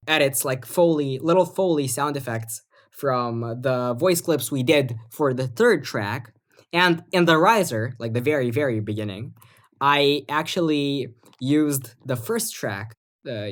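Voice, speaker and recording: A woman co-hosting a podcast in casual chat, rambling with lots of fillers and restarts. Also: extremely low pitch. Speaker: podcast co-host and music producer.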